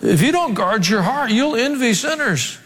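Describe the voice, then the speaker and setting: A man's voice: extremely high pitch, very animated, moderate pace, a bit bright, breathy edge. A male pastor preaching a sermon, swinging between joking asides and emphatic exhortation. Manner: humorous asides, emphatic rising delivery. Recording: long hall reverb.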